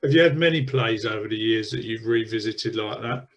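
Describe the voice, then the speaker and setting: A man's voice: fairly low pitch, fairly quick. A man interviewing a longtime theatre member, asking questions in a friendly, encouraging way. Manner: friendly, encouraging, laughs easily. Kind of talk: conversational interview.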